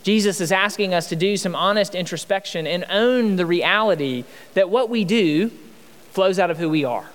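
A man's voice: high-pitched, normal speed. A man in his thirties preaching a sermon as pastor, in a conversational style with many rhetorical questions. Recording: long hall reverb.

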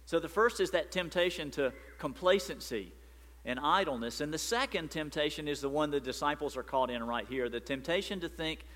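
A man preaching a sermon as pastor, animated and emphatic. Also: on the high side, a little fast, big-room sound.

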